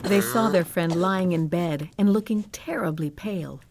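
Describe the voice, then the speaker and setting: A woman narrating a Bible story for children in a gentle, expressive scripted style. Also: on the low side, moderate pace, gravelly, noisy background.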